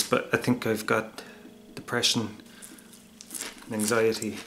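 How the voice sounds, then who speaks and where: A man in a comedy sketch, talking in a hesitant, halting way. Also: on the low side, little pitch movement, vocal fry, sharp tone, a little hiss or hum.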